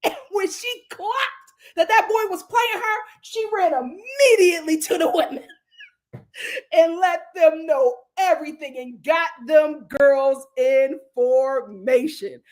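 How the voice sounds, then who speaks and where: A woman's voice: high voice, slow. An American woman hosting a reality show recap, telling it with dramatic flair and frequent laughter. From United States. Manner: animated, dramatic storytelling with laughter. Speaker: host.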